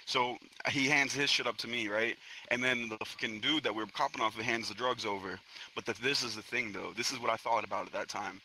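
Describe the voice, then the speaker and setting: A man's voice: medium pitch, steady tone, a little fast, sharp tone, a little hiss or hum, rough recording. A young man from Florida telling a story to friends in a rambling, profane street-slang way. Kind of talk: casual storytelling among friends. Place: online virtual social space.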